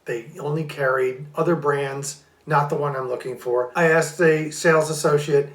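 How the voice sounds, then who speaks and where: An older man tells a story in an easygoing, plain-spoken way. His voice sits a little higher than most men's. The room is echoey, and the sound is recorded at home. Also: steady tone, moderate pace. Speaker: co-host, husband. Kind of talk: casual storytelling vlog.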